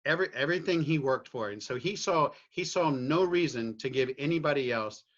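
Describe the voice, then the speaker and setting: A middle-aged Virginian guest on a podcast talks candidly and reflectively about his family and his views, often restarting phrases and checking in with "right?". His slightly high voice is animated and a bit fast, and the recording sounds muffled.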